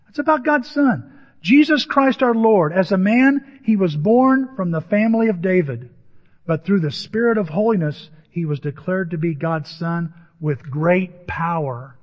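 A man preaching a sermon as a pastor, telling stories with lively acted-out voices and crowd noises. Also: a little high. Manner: animated storytelling, acts out voices and crowd noises. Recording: dull lo-fi audio with long hall reverb.

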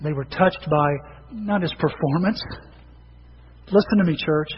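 A middle-aged man preaching in a high, easy storytelling voice, slipping into the voices of people he quotes. He sounds like he is in a large church, with a long reverb tail. The recording is dull and muffled, with a faint hiss underneath. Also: a little slow. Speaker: pastor. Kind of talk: sermon. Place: church sanctuary.

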